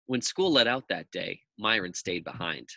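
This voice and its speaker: A man, a teacher, reading a children's chapter book aloud to his class in a lively, expressive storytelling manner. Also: sits low, normal speed, creaky, no echo.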